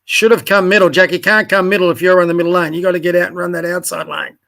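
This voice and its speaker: High, bright-voiced coach. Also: male voice, level tone, fast, vocal fry. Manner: direct, corrective, encouraging, addresses players by name. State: tired, yawning. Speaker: youth basketball coach. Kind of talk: casual video review commentary.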